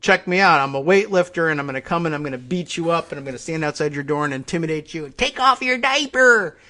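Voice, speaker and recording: A man's voice: fairly high pitch, lively intonation, sharp tone. A man putting on a taunting voice for a boastful, bullying woman who shows off her muscles. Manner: taunting, rushed.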